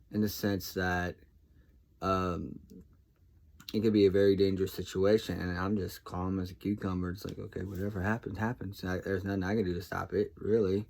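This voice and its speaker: Soft-spoken, hesitant man, fairly low voice. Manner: soft-spoken, hesitant with many ums and restarts. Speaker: vlogger. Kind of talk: casual reflective monologue.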